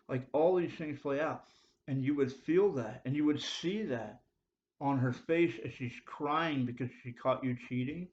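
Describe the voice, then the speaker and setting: A young man talks straight to the camera in a loose, slangy preaching style. He presses his points with blunt emphasis and often pushes into loud insistence. His voice sits at an ordinary middle pitch, and the recording sounds dull and lo-fi. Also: measured pace. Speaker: ministry video speaker. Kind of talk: casual preaching monologue. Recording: dull lo-fi audio.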